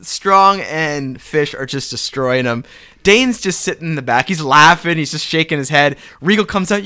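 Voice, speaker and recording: Man co-host, high lively bright voice, acts out other people's lines while he recaps. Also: clear, resonant tone. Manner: animated, acts out wrestlers' lines in quick voices. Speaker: podcast co-host. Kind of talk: casual wrestling recap chat.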